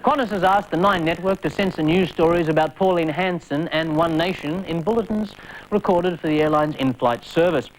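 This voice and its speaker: High-voiced man reading deadpan satirical news. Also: fairly quick, background noise.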